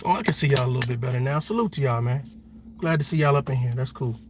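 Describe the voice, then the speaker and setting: An army veteran hosting a livestream, talking passionately in a blunt, repetitive, profane way. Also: male voice, medium pitch, fast, noisy background. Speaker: livestream host.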